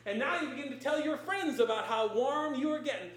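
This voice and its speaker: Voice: sits high, expressive, fairly quick. A preacher delivering a sermon in emphatic, repeated declarations. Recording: very echoey room.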